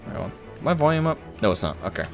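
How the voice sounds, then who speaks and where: A male streamer talking casually through a game session. He mutters and jokes at himself and answers viewers in an easygoing way. His voice is bright and animated, and faint music plays behind him. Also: on the high side, quick pace, gravelly. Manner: laid-back, self-mocking, chatting to viewers. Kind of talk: casual gameplay commentary.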